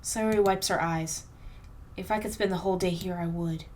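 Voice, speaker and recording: A woman's voice: on the low side, steady tone, moderate pace, a little mellow, slight background noise. A young woman hosting a let's play, reading the game aloud with emotional, slangy commentary. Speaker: gaming channel host.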